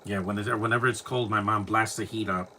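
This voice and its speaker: Man, casual movie commentary, rambling, self-correcting, forceful bright tone, faint background hum. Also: fairly low pitch, steady tone, a little fast. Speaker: film commentator.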